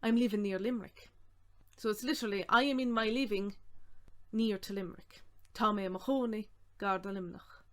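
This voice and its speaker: An Irish-accented woman teaching a lesson. She speaks at a middling pitch and says each phrase slowly, then breaks it into single words and explains it plainly. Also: steady tone. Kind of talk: slow, clear language lesson.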